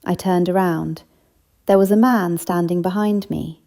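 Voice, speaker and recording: Low gravelly woman reading a story. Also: fairly even intonation, unhurried, warm tone. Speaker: audiobook narrator. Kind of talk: scripted narration.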